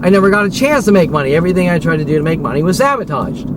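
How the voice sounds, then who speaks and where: A man's voice: high-pitched, very animated, racing. A man delivering an agitated, profane, rambling rant as a vlogger, repeating himself and swearing often. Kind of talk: unscripted rant to camera. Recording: noisy recording with vehicle sounds.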